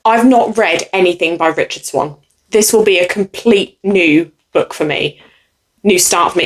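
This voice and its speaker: A woman's voice: moderate pace, a little hiss or hum. Bubbly young woman gushing over books. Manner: bubbly and excitable, gushing with sudden high squeals. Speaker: booktuber. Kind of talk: casual book haul vlog.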